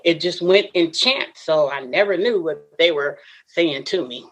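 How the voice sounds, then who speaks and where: A woman's voice: lowish voice, expressive, normal speed, few pauses, a bit bright. A woman, a podcast guest, earnestly telling a personal story and laughing often between lines.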